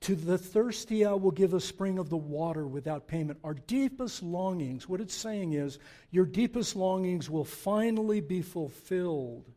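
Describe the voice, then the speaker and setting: A man in his sixties preaching a sermon, swinging between loud emphatic declarations and quiet, reflective asides. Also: high-pitched, expressive, normal speed. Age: 60s. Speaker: pastor.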